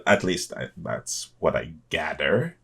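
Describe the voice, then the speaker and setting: Deep voiced guy w a husky voice, reacting to stuff, lively up and down, keeps chuckling. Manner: enthusiastic, chuckling, halting restarts. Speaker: reaction video host. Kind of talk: casual reaction commentary.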